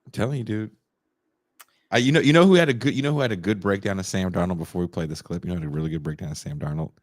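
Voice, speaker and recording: A man co-hosting a podcast in casual chat, bantering in a wry, expressive way. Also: low-pitched, rapid-fire. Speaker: podcast co-host.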